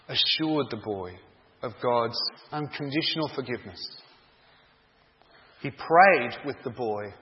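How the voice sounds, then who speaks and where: A man preaching a sermon, telling a story in a dramatic, deliberate way. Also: mid-range voice. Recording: dull echoey hall sound.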